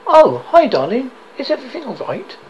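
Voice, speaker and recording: A man's voice: fairly high pitch, very animated, moderate pace, creaky, dull audio, slight background noise. A man reading the lines of a worried young man who plays his troubles down, in a storybook reading. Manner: plays things down.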